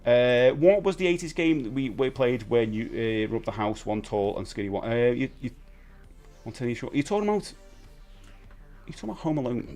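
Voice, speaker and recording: British man, livestream host, casual chat, animated, medium pitch, faint music behind. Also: quick pace. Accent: British English. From United Kingdom. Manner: animated, jumps between high excited bursts and low mutters. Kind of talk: casual live stream chat.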